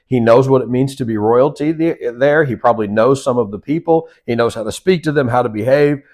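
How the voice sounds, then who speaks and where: A man's voice: medium pitch, a little mellow. A man teaching a Sunday School lesson in a conversational way, with frequent restarts and self-corrections. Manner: conversational, acts out voices in quotes, halting restarts. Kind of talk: Bible study lesson.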